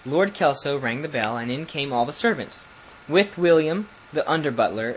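Lively storybook narrator. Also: mid-range voice, normal speed, a little hiss or hum, low-quality recording. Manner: expressive, lively reading with dropping tags.

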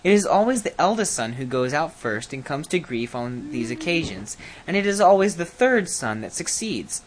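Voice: mid-range voice, sing-song, moderate pace, a little hiss or hum, close to an everyday voice. Reader as smug know-it-all prince, polite, lecturing, storybook. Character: lazy, smug, overly polite young prince.

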